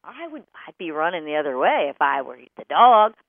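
A woman dog trainer hosting a radio talk show, bubbly and animated, laughing often. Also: deep voice, fairly quick, gravelly, dry recording. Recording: tinny phone-like line, dry.

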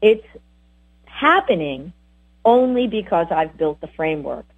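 A woman dog trainer giving lively, chatty advice on bonding with dogs. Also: fairly low pitch, a little slow, breathy edge. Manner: animated, chatty, voices the dogs. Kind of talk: casual advice talk. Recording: tinny phone-like audio.

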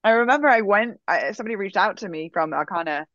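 A woman telling a personal story in a casual, animated way, full of fillers. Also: mid-range voice, fast, dry recording. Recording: dull, dry sound.

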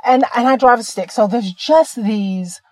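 A woman's voice: on the high side, measured pace, a little hiss or hum. A woman host telling a personal story in a casual, rambling way, often correcting herself mid-sentence. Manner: rambling, conversational, self-correcting. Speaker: podcast host.

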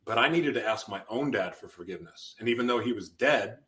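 A man's voice: fairly low pitch, lively intonation, a little fast, fairly bright tone. A man guest on a podcast, giving an intense personal testimony and acting out his past outbursts as he tells it.

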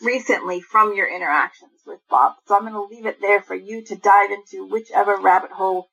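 Breathy woman radio host. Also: medium pitch, fairly even intonation, a little fast, fairly bright tone, highs cut off. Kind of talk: radio interview.

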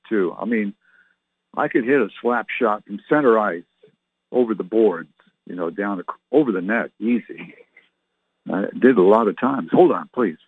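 A man's voice: fairly low pitch, husky, no room sound. Older man in his sixties, rambling solo host, chatty and jokey, recorded dry over a tinny phone-like line. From Canada. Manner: chatty, joking, meandering. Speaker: show host. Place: enclosed patio at home.

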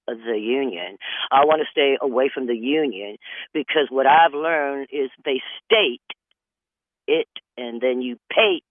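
A man's voice: mid-range voice, dry recording. Older man rambling through wry comic asides. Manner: meandering, wry asides, repeats "I'm just saying". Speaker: comedian. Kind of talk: rambling stand-up monologue. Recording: dry, tinny phone-like radio audio.

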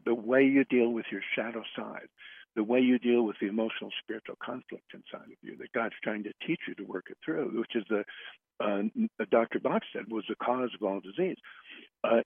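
A man's voice: mid-range voice, creaky, husky, dry recording. Earnest man on a tinny phone line. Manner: earnest, halting, circling back on phrases. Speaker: radio show guest, flower remedy practitioner. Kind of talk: storytelling in a radio interview.

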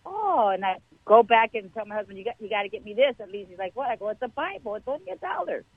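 A woman telling a personal faith story to a church show host in a chatty, animated way. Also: medium pitch, very fast, no room sound. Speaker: guest caller sharing a testimony. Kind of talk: casual testimony. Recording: tinny phone line.

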